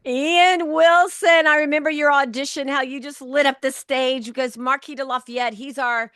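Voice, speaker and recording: A woman's voice: high-pitched, flat delivery, normal speed, bright, forceful tone, no room sound, clean studio sound. A woman hosting a podcast interview, gushing with praise and often restarting her sentences. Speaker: podcast host and producer. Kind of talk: warm enthusiastic interview chat.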